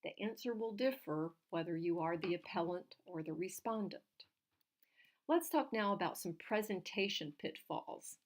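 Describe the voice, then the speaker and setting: A woman, a legal writing instructor, giving clear, direct numbered tips on oral argument. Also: medium pitch.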